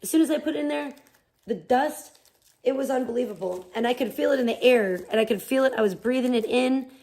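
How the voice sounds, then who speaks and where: A woman's voice: sits high, brisk, a little mellow, a little hiss or hum. A woman live streamer chatting casually, rambling and swearing as she rants in exasperation. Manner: rambling, profane, exasperated ranting. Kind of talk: casual chat.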